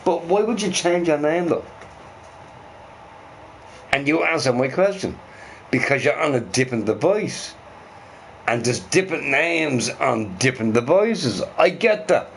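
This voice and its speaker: A man's voice: fairly high pitch, animated, a little slow, pauses often, a little hiss or hum. Rambling, swearing middle-aged man streaming. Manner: rambling and profane, repeating himself. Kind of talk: casual live-stream chat. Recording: faint music behind.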